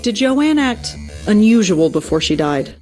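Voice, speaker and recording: A woman's voice: medium pitch, sing-song, a little slow, darkish tone. An actress voicing an inquisitive young female investigator who asks pointed questions. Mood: questioning. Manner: questioning, probing. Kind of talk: video game voice acting. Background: game music.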